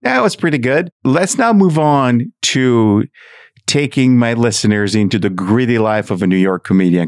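A middle-aged man hosting a podcast, asking measured, inviting interview questions. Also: medium pitch, no room sound, studio quality. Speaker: podcast host.

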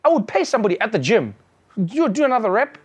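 High-voiced animated stand-up comedian man. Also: fast talker, husky. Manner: animated, acts out characters in shouted bits. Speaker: stand-up comedian and show host.

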